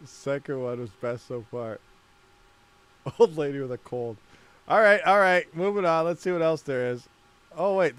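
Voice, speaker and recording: A man's voice: fairly high pitch, a bit bright, smooth, dry recording. A man hosting a livestream, rambling casually, laughing a lot and muttering while he fiddles with settings. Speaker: mining livestream host.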